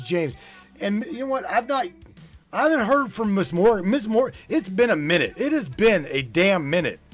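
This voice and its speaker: A man hosting a live call-in show, playful and teasing, with drawn-out exclamations. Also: high voice.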